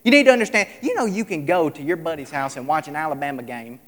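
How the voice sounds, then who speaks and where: High-voiced preacher in an echoey hall. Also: male voice, expressive, fast talker. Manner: emphatic, repeats lines, swings between loud and soft. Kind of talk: sermon. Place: large hall, tonight service. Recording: echoey hall with long reverb.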